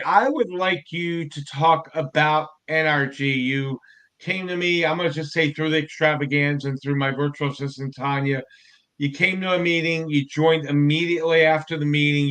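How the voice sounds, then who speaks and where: A man hosts a casual business interview, full of energy and enthusiasm. His voice sits a little high, and he draws his guest out with eager questions. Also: fairly even intonation, normal speed, a bit bright. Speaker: host and company CEO.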